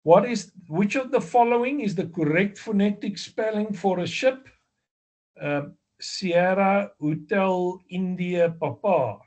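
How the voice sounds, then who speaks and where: A man with a South African accent giving a slow, deliberate exam review lecture, explaining step by step with fillers and self-corrections. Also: high voice, a little mellow. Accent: South African English. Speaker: amateur radio exam instructor.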